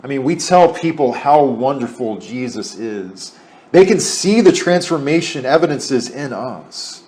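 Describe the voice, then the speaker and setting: A man's voice: medium pitch, lively intonation, measured pace, darkish tone. A man preaching a sermon in an earnest way, repeating phrases for emphasis.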